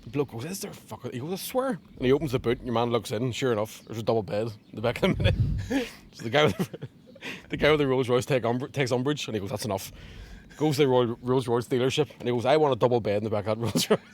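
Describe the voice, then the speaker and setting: A man's voice: mid-range voice, racing, darkish tone, slight background noise. A Northern Irish man, a comedian, chatting casually in a garden, telling a long joke and laughing often as he swears freely. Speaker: comedian guest. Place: outdoors in a garden.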